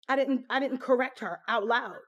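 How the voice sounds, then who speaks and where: A woman's voice: high voice, normal speed, fairly bright tone. A woman casually telling a personal story to camera, candid and conversational. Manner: candid, conversational, full of fillers.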